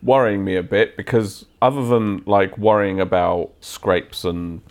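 A man's voice: lowish voice, steady tone, unhurried. A man co-hosting a casual podcast, telling rambling stories with jokes. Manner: joking, rambling anecdotes. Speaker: podcast co-host. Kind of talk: casual chat.

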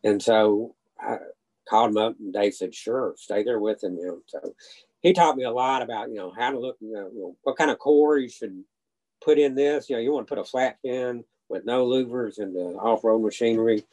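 A man's voice: medium pitch, normal speed, darkish tone, rough recording. An older retired salesman, a man, telling long rambling stories with restarts and quoted dialogue in a casual interview. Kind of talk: casual storytelling.

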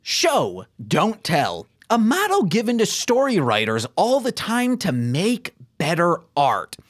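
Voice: mid-range voice, huge pitch swings, slow. A podcast co-host chatting about comics in a jokey way, reading prepared recaps. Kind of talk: casual chat about comics.

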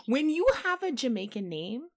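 A woman podcast host in casual chat, telling stories in an animated way and laughing often. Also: on the high side, normal speed, creaky.

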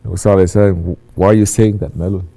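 Deep mellow-voiced man giving a sermon. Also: steady tone, fast talker. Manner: acts out quoted voices, swings from hushed to loud. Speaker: religious teacher.

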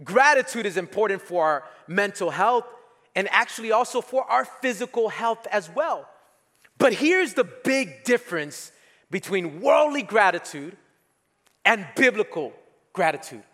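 A man's voice: high voice, lively intonation, a little slow, a bit bright, big-room sound. A man preaching a sermon as pastor, emphatic, repeating key phrases and leading the congregation to respond.

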